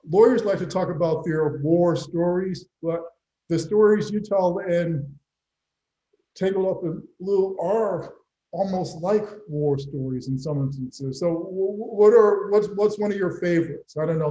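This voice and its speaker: A man interviewing an author over a video call, asking questions in a halting way with stuttered restarts. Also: on the high side, warm tone. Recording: dull, echoey room audio.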